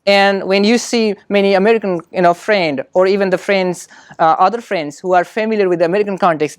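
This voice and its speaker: A woman speaking as a talks things through in a reflective way, leaning on "you know" as she looks for her words. Her voice sits at a middle pitch. The recording is dry and close, with no room echo. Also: a little fast. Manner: thoughtful, frequent "you know" fillers. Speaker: speaker on international student experience. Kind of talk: conversational explanation.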